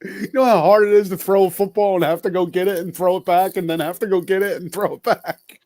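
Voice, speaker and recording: A man's voice: sits high, steady tone, fast, a little mellow, no room sound, clean studio sound. A man co-hosting a casual sports podcast, laughing often and teasing his partner. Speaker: podcast co-host.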